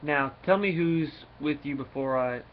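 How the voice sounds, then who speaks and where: A man's voice: fairly high pitch, a little slow, close to an everyday voice. A man reading aloud the lines of a brash, suspicious young male fighter, brusque and confrontational, on a dull lo-fi recording with faint noise.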